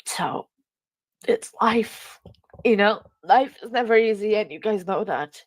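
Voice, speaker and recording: A woman hosting a livestream, crying as she talks, halting with many fillers and restarts. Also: medium pitch, dry recording. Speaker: livestream host. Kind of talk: emotional livestream farewell.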